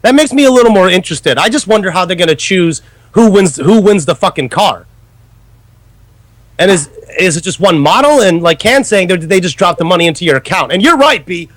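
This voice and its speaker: Brief: male co-host, high and animated, swears freely in casual chat; dry close sound. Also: a little fast, dry recording. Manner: loud, swearing, animated and laughing. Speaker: podcast co-host.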